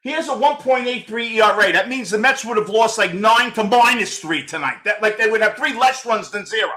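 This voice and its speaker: Brisk and animated, a New York-accented host in his sixties rants through his fan postgame show, blunt, profane and loud, frequently shouting. His voice is high for a man, bright with a sharp edge, and he calls out viewers by name between complaints.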